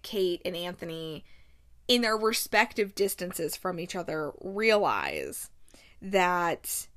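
A woman hosts a casual book-chat podcast in a bubbly, gushing way. She darts into quick asides and laughs often. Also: lowish voice, fairly bright tone. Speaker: podcast host.

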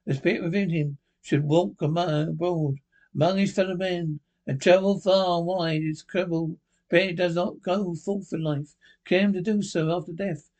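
A man's voice: sits high, steady tone, normal speed, darkish tone, lightly acted. A man reading aloud and voicing the sorrowful ghost of a dead man, solemn and grave. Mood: mournful. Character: mournful chained ghost of a man. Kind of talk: storybook reading.

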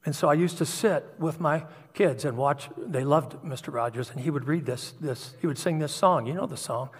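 Middle-aged guy preaching, kinda husky, voice ringing around a big church hall. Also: on the high side, normal speed, hardly any pauses. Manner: earnest, confessional storytelling. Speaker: pastor. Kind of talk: sermon. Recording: long hall reverb.

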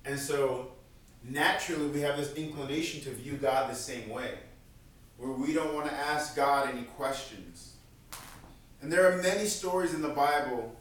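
A man's voice: medium pitch, normal speed. A man preaching a sermon as pastor, in an earnest, conversational way, repeating key lines for emphasis. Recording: very echoey room, mic at a distance.

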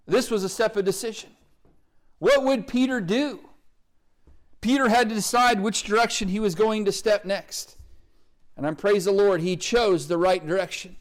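A man's voice: high-pitched, moderate pace. A pastor with an Oklahoma accent preaching a sermon, earnest and pleading as he reads scripture and calls listeners to decision.

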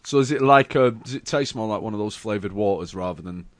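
A man's voice: on the low side, quick pace, no room sound. A man co-hosting a casual podcast, giggly and easily set off laughing. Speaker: podcast co-host.

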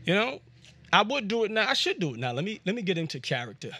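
Bright, rambling male podcast host. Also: sits high, very animated, quick pace, slightly rough, dry recording. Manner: rambling, jokey storytelling with many fillers. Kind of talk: casual monologue. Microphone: USB podcast microphone.

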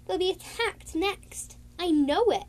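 A woman's voice: very high voice, expressive, measured pace, voice pushed up. A woman voicing a worried mother cat who leads her clan, anxious and pleading. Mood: fretful.

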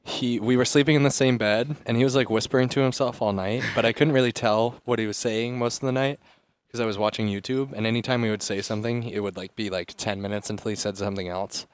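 A young man co-hosting a podcast, chatting casually and cutting in with quick jokes. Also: mid-range voice, steady tone. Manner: joking interjections and quick banter. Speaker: podcast co-host. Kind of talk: casual chat.

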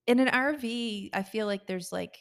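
Her voice sits on the high side with a bit of brightness and some vocal fry, and she speaks at a normal pace. She's a podcast co-host in easygoing conversation, full of stories and frequent laughter.

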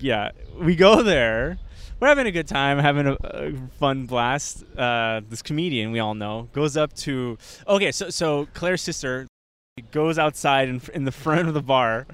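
A man's voice: a little high, clear, resonant tone. A man co-hosting a podcast outdoors, telling a story with lots of laughter. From Montreal. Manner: animated storyteller, laughs often. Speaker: podcast co-host. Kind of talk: casual outdoor chat. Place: outdoors in an old port.

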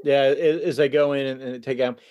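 A man appearing as a podcast guest, calmly recounting a film's plot in casual conversation with frequent restarts. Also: mid-range voice, muffled recording. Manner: relaxed, halting retelling with restarts. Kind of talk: casual film discussion.

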